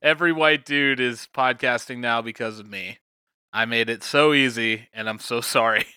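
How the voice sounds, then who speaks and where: A man co-hosting a podcast in loose, jokey banter, laughing between lines. His voice is very bright and smooth, a bit higher than most men's. It sounds close and dry on a podcast mic. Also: moderate pace, no echo. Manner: laughs often, jokey and playful. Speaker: podcast co-host. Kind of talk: casual comedic chat. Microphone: studio podcast mic.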